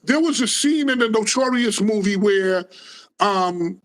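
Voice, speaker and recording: Man, guest, high-pitched, animated, profane street storytelling, casual interview. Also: unhurried.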